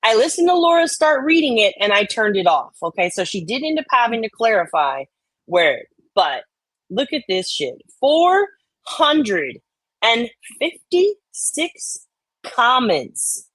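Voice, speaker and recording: A woman's voice: a little high, sing-song, measured pace, a bit bright, no echo, low-quality recording. A woman hosting a casual livestream, reading online comments aloud in a laid-back way. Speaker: host.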